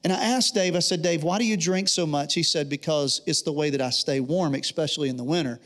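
A man's voice: fairly high pitch, fairly quick, a bit bright. A man preaching a sermon, telling a personal story in an earnest way and acting out the dialogue. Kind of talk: sermon testimony.

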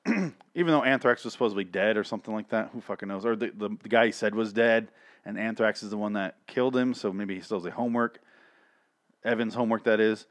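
A man's voice: medium pitch, a little fast, dry recording. Crude rambling man, dry sound. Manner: rambling, crude, increasingly exasperated ranting. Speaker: comedic recapper. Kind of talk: profane comedic cartoon recap.

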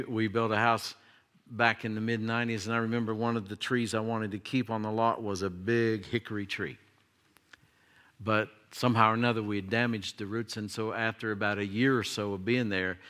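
A man's voice: medium pitch, pushed and bright. A middle-aged man preaching a sermon to his congregation in a conversational way, full of questions and light humor. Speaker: pastor.

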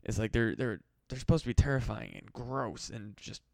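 A man's voice: mid-range voice, expressive, moderate pace, gravelly, dry recording. A man hosting a solo podcast, rambling and swearing with mock-desperate pleading. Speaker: podcast host. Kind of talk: casual solo podcast rant.

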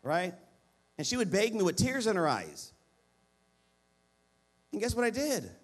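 High-pitched middle-aged guy preaching, begs the crowd, lots of "amen?" back and forth. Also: wildly swooping pitch, a little slow, breathy edge. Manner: call-and-response preaching, pleading and repetitive. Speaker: pastor. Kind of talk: sermon.

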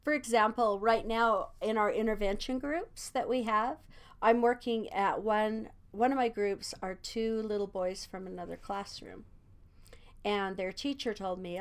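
A woman's voice: mid-range voice, moderate pace. Chatty laughing older woman teacher. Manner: chatty, laughs often between thoughts. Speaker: kindergarten teacher. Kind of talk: casual conversation.

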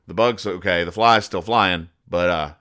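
A man hosting a podcast, recapping comic strips in a casual, deadpan way and explaining each joke. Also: sits low, normal speed. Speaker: podcast host.

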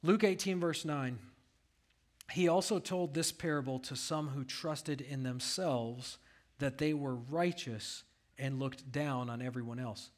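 A man's voice: medium pitch, measured pace. A pastor preaching a sermon, reading scripture aloud and asking his congregation rhetorical questions.

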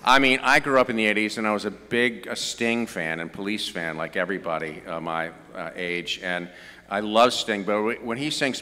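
A man's voice: on the low side, normal speed, bright, forceful tone, in a large hall. A middle-aged man with a Southern US accent, preaching a conversational sermon with joking asides. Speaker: pastor.

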